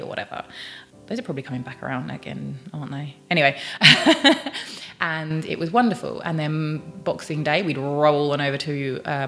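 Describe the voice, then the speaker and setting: A woman's voice: deep voice, sharp tone. A British woman talking in a chatty, bubbly vlog, full of rambling asides. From United Kingdom. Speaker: vlogger. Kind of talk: personal vlog, casual chat.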